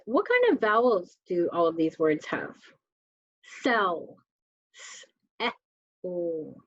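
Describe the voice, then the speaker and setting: Reading each word slowly and clearly, a woman teaches children spelling and asks the class questions as she goes. She has a fairly low voice, with no room sound and dull audio.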